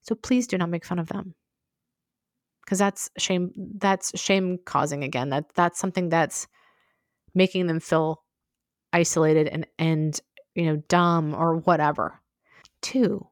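Female solo podcast host, lower register, candid conversational delivery, dry close-miked sound. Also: steady tone, a little slow, long pauses, no echo. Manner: frank, conversational, full of asides.

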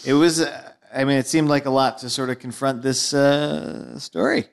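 A man co-hosts a casual podcast chat in a voice of middle pitch. He drops wry, playful comments into the talk. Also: steady tone, moderate pace, creaky, clear, resonant tone. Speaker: podcast co-host.

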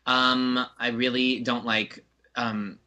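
Joking podcast guy, bright voice, casual chat. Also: mid-range voice, little pitch movement, takes it slowly, highs cut off. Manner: joking, chatty. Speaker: podcast co-host. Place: Chicago.

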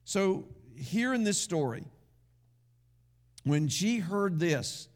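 Slow, higher-voiced man preaching. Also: sing-song. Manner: folksy, conversational preaching with asides to the congregation. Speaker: pastor. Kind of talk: sermon.

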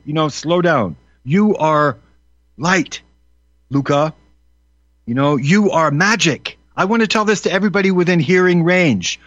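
Earnest halting man, dull dry sound. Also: a little high, a bit bright, dry recording. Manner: earnest, halting with many fillers. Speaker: host. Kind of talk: casual talk show monologue.

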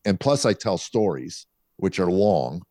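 Deep-voiced and at a measured pace, this middle-aged man from a small town south of Chicago, USA, appears as a comedian guest on a podcast telling anecdotes. He tells them with liveliness, acting out the voices. The recording is dry.

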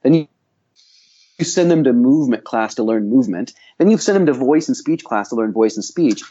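A man's voice: mid-range voice, expressive, a little fast, mellow, muffled recording. A man working as a voice coach and acting teacher, speaking in a podcast interview in a reflective, opinionated way, thinking aloud with frequent restarts.

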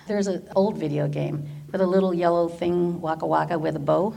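A middle-aged woman from Orange County, California, giving a personal faith testimony as an animated storyteller who laughs often. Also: lowish voice, brisk, vocal fry, hardly any pauses. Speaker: teacher and church worker.

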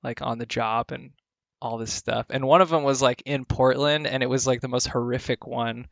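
A man's voice: mid-range voice, steady tone, moderate pace, creaky, dull audio, a little hiss or hum. A man in casual chat, telling a rambling story with lots of filler words.

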